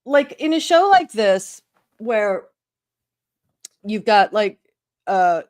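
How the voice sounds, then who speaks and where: A woman co-hosting a casual chat, musing in a relaxed way with many fillers. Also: mid-range voice, takes it slowly. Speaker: co-host. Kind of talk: casual chat reviewing dramas.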